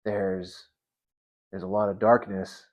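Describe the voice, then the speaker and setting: A man in his thirties sharing a personal faith story in an earnest, halting way, often restarting his words. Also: sits low, little pitch movement. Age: 30s. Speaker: Christian vlogger.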